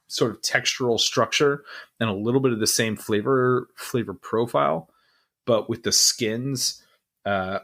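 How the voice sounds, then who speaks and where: A young man with a low voice co-hosts a casual podcast. He talks loosely and rambles, filling gaps with "uh" and "um" as he thinks. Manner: relaxed, rambling, lots of fillers. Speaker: podcast co-host. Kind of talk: casual chat.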